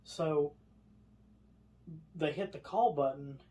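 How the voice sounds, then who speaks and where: A man with a lilt spins a story for his podcast co-host. His voice sits a little high, and he keeps the telling loose and casual, jumping into the voices of the people he describes. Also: slow. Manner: animated storyteller, acts out others' lines.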